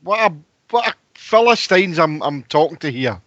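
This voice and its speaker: A man's voice: fairly high pitch, animated, normal speed, a bit bright, no room sound. A man calling into a casual radio phone-in, playfully indignant. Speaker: caller. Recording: dry lo-fi online call audio.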